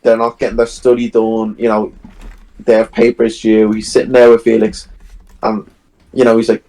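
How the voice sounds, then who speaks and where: A man with a low voice and a gravelly edge to it talks through a film's plot on a podcast. He retells the plot in casual chat and slips into the characters' lines as he goes. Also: moderate pace, low-quality recording. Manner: animated retelling, acts out scenes. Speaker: podcast co-host. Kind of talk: casual film discussion.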